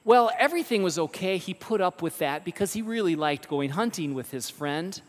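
A man preaching a sermon, telling stories with emphatic, animated delivery and rhetorical questions. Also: high voice, moderate pace. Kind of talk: sermon storytelling. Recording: long reverb of a large hall.

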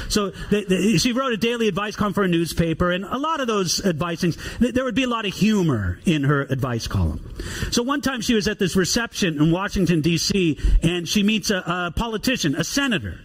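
A man preaching a sermon, reading scripture aloud and explaining it in an animated way. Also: a little high. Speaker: pastor.

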